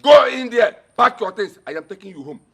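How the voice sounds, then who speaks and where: A scheming Nigerian man, scornful and commanding. His voice is husky and pitched fairly high for a man. He speaks with cold mockery. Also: big pitch swings, fairly quick, a bit bright, heavily acted. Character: scheming older male relative, mocking. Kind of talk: Nollywood film acting.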